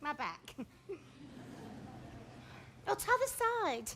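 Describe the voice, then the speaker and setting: Brief: fussy bawdy old nurse, very high and slow, stage delivery. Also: female voice, big pitch swings, a bit bright, a little hiss or hum, full character voice. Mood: teasing. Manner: rambling, teasing, full of laughs and groans. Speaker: stage actor. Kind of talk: theatrical stage acting. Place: open-air theatre stage.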